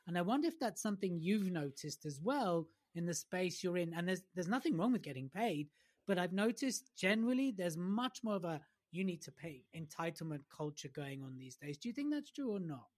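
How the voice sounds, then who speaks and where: A man's voice: high voice, very animated, fairly quick. A man hosting a podcast interview, talking in a chatty, reflective way. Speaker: podcast host. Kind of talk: casual interview talk.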